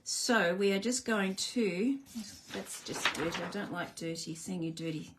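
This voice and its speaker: A woman's voice: fairly low pitch, a little slow, very noisy. Chatty woman crafting live. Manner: chatty, self-deprecating, talks to viewers while working. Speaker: crafting live stream host. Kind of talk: casual live crafting demo.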